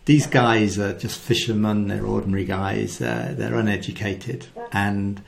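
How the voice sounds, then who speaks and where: Guy with a gravelly voice doing a devotional talk, acts out the quotes, goes soft and hushed on big lines. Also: lowish voice, measured pace. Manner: animated storytelling, acts out quotes. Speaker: Christian speaker.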